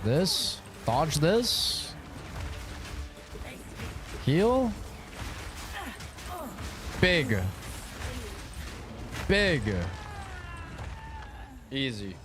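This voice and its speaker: A man commentating his own gameplay in a loose, casual way, swearing often and ranting about whatever comes up. His pitch swings widely while his pace stays slow and drawn out. Faint music plays behind him. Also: very animated. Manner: swears freely, rants animatedly. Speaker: streamer.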